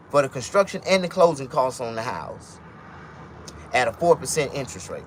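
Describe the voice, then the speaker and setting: A man's voice: mid-range voice, lively intonation, brisk, a little hiss or hum. A man delivering a blunt, profane, casual monologue rant as a vlogger, telling stories along the way.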